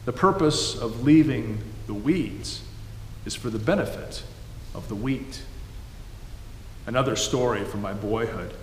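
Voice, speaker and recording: A man delivering a sermon in a measured storytelling manner. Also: medium pitch. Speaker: preacher. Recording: echoey hall, faint background noise.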